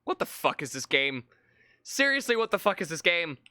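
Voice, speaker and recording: A streamer giving live gameplay commentary, jokey and exasperated, swearing and breaking into loud outcries. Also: medium pitch, very animated, normal speed, no room sound, clean studio sound.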